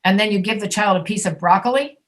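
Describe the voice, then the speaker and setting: A woman teaching an online English pronunciation class, patiently demonstrating sounds slowly and repeating them. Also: medium pitch. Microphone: video call.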